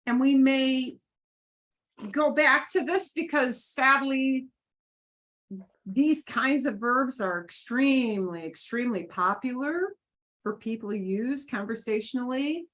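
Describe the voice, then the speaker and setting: A woman teaching a beginners' Spanish class, explaining grammar patiently with lively rises and falls in her voice. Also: sits high, takes it slowly.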